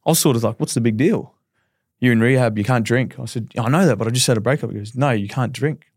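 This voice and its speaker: A man's voice: medium pitch, fast, darkish tone, husky, no echo, clean studio sound. A man in his thirties with an Australian accent, a footballer telling his story as a podcast guest in a candid, rambling way. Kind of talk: casual podcast interview.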